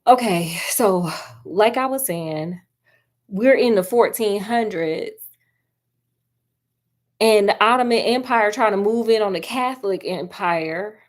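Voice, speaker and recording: A woman's voice: mid-range voice, slow pace, pauses often. Chatty woman reviewing a film casually. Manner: animated, talks straight to viewers, lots of asides. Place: at home doing crafts.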